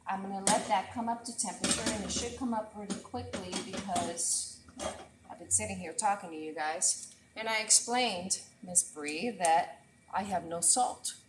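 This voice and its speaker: A woman chef hosts a casual cooking livestream from her home kitchen, talking straight to her viewers as she works. Her voice sits at a middling pitch and comes through an earbud mic. The room sounds echoey, with a faint frying sizzle behind her. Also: normal speed, noisy background. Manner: chatty, talks straight to viewers while cooking. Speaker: chef and host.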